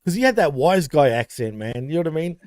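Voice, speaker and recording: A man on a casual podcast speaks in a mellow, warm voice that stays dry and close to the mic. He rambles heartfelt and loose, with many fillers. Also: a little high, big pitch swings, fast, no room sound. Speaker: podcast co-host.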